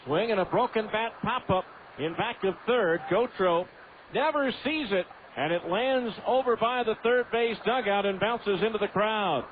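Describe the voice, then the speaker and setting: A man calling a baseball game on the radio in steady play-by-play, full of stats. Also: sits high, moderate pace. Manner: steady, stat-heavy narration. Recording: tinny AM radio broadcast with faint hiss.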